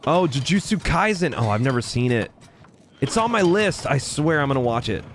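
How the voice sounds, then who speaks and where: A man's voice: medium pitch, sing-song, normal speed, a little hiss or hum. Chatty young man streaming a game. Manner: chatty, thanks viewers by name, laughs often. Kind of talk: casual live-stream chat.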